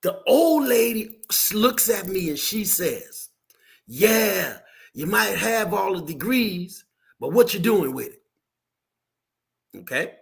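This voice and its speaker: A man co-hosting a podcast, telling a story in a lively way and acting out the people in it. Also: sits high, slow pace, vocal fry, pauses often. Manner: lively, acts out voices in his story. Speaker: podcast co-host. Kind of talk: animated storytelling.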